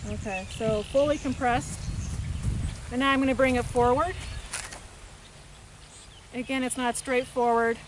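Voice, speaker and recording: A woman equine therapist narrating a hands-on treatment demonstration outdoors, talking in a soft, unhurried way and murmuring gently to the horse between explanations. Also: high voice, fairly even intonation, background noise. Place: outdoors with a horse, rural setting.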